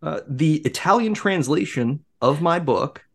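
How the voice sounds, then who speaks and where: A man co-hosts a podcast in easygoing chat, his voice swinging widely in pitch as he jokes around. He talks in an animated way and laughs often. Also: a little slow, vocal fry. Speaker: podcast co-host. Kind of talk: casual chat.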